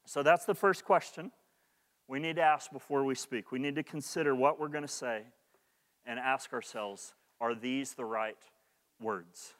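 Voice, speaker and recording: A man's voice: medium pitch, a little slow, a bit bright, in a large hall. A man preaching a sermon as pastor, earnest and repeating his key points for emphasis.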